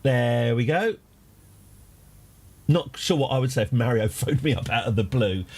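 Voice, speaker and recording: A man's voice: mid-range voice, lively intonation, moderate pace, a little mellow. A man chatting casually as a game streamer, rambling through tangents with dry jokes. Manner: rambling, tangent-prone, dryly joking. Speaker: livestream gamer host.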